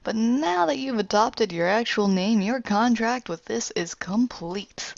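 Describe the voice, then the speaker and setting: A woman's voice: on the high side, lively intonation, measured pace, gravelly, no room sound, muffled recording, pitched above the performer's own voice. A woman reading as a gloating evil spirit. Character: menacing evil spirit villain.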